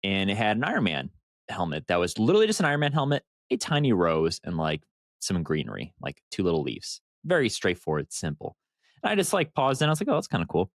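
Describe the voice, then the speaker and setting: A man with a very deep voice that still swings up and down a lot, chatting on a podcast. He rambles through his stories in a loose, animated way and swears now and then. His voice is close and dry on the mic. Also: quick pace, no echo. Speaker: podcast co-host. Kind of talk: casual podcast chat.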